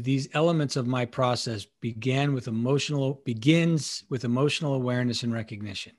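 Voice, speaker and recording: A middle-aged man in a conversational interview, explaining leadership and acting out bits of dialogue. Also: medium pitch. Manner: animated, acts out dialogue with quotes. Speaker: guest, leadership author.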